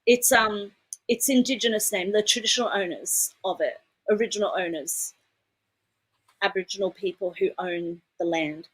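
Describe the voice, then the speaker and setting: A woman's voice: medium pitch, normal speed, slightly rough, rough recording. A woman from Detroit co-hosting a casual livestream chat, chatty and laughing often, with casual swearing. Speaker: co-host.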